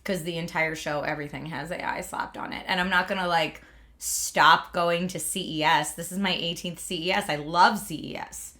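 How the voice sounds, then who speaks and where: A woman's voice: on the low side, steady tone, normal speed, bright, forceful tone. A woman in her thirties from Pennsylvania hosting a livestream, chatting casually, laughing often and filling with "like". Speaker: livestream host.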